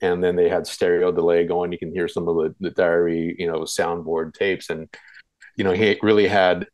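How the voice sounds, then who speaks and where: A man with a very low voice tells a long, rambling story from memory, full of fillers and restarts. His voice sounds dry and close, with no room echo. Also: flat delivery, moderate pace, a little mellow. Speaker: guest. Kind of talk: casual interview recollection.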